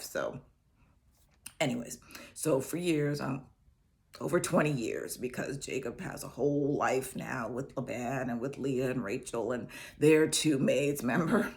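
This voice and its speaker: Lively woman with a low gravelly voice. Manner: animated and chatty, acts out characters in quick asides. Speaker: host sharing a personal testimony. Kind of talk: casual Bible storytelling and encouragement.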